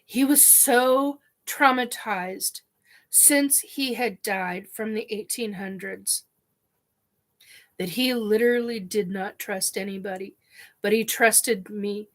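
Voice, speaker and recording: A woman vlogger telling a personal story in her living room, halting and tearful, breaking off as she cries. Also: medium pitch, fairly even intonation. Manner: tearful, halting, with restarts and sniffs. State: crying.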